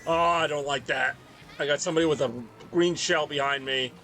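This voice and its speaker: Young male streamer, rambling chatter over gameplay, raised pitch, bright tense tone. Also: steady tone, a little fast, faint music behind. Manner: rambling, chatty, reads chat aloud. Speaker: game streamer. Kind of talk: casual rambling chat while gaming.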